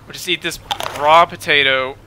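A young man doing excitable gaming commentary at home, swinging into panicked yelling. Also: fairly high pitch, normal speed, a little hiss or hum. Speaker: let's play gamer.

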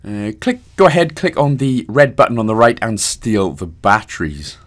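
A man's voice: fairly low pitch, very animated, normal speed, a bit bright. A Welsh man narrating a casual game walkthrough voice-over, giving steps with jokey, self-mocking asides. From Wales.

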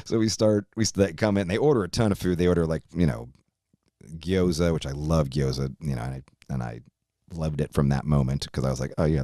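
Low-voiced man telling a rambling story. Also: vocal fry, dark tone, no room sound, clean studio sound. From Virginia, USA. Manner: profane, rambling, laughs often while telling. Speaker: podcast guest. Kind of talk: casual storytelling.

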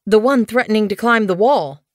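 A woman's voice: mid-range voice, a little fast, no echo, clean studio sound, voice pushed up, lightly acted. A woman voicing an eager young warrior she-cat.

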